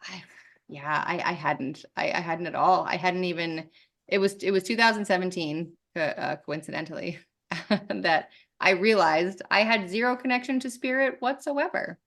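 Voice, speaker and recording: Gravelly, candid woman guest. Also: on the low side, normal speed. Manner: candid, animated, swears freely. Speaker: podcast guest. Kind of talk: casual conversation.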